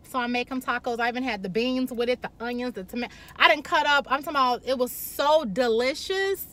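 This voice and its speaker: Woman, vlogger, high bright voice, brash and profane, candid storytelling. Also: a little fast. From Chicago. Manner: blunt, profane, animated.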